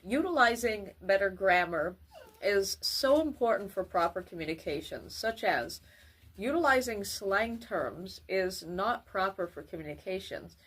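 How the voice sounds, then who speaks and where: A woman giving a grammar lesson for children, with careful, formal wording and deliberate delivery. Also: medium pitch, expressive, fairly bright tone, breathy edge. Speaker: teacher.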